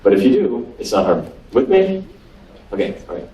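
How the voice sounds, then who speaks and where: His medium-pitched, dark voice swings widely in pitch at a moderate pace as this North Dakota physician lectures humorously on nutrition and quizzes listeners. The setting is a cruise ship lecture room, recorded from far off in a roomy hall with slight background noise.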